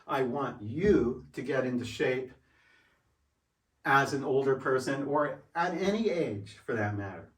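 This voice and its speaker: A man's voice: medium pitch, lively intonation, measured pace. A sixty-year-old man, slightly winded, speaks from some distance off the mic in a roomy home space. He drives his points home by repeating them as he shows how things work. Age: 60s. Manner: emphatic, repeats points, demonstrates while talking. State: out of breath. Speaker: fitness vlogger. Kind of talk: casual vlog talk. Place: room at home.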